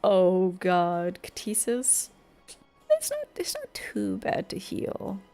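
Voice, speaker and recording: A young woman gaming streamer chatting casually through her play, exclamatory and quick to laugh. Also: mid-range voice, wildly swooping pitch, warm tone, soft background music. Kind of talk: casual gameplay commentary.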